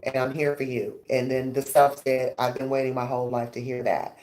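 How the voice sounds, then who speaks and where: A woman hosting a radio show, chatting casually and telling stories with animated rises when excited. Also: a little fast. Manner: animated storyteller, rising pitch when excited. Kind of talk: casual interview chat.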